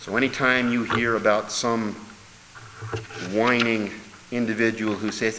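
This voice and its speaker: Delivering a sermon without rushing, a man drops his voice down and then erupts into loud, emphatic exclamations. There's reverb from the hall and a faint layer of noise.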